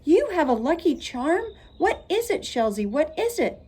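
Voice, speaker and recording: A woman's voice: sits high, very animated, moderate pace, warm tone, pitched above the performer's own voice. A woman voicing a spoiled, prissy rich first-grade girl who talks in a whiny, showy way in a storybook reading. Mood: awed.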